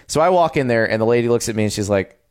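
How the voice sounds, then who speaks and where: A man in his forties chats on a podcast at a middle pitch. He tells food and travel stories with eager, animated energy. His delivery stays loose and conversational. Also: very fast, smooth. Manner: enthusiastic storyteller, animated. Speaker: podcast co-host. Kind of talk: casual chat about food and travel.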